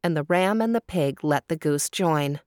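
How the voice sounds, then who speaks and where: A woman reading a storybook aloud, lively and unhurried. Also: deep voice, no room sound, clean studio sound. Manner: slow and lively.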